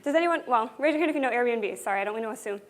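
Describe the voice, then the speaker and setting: At a conference keynote before a live audience, a woman speaks in an upbeat, earnest, conversational way. Her voice is on the high side, expressive and very fast.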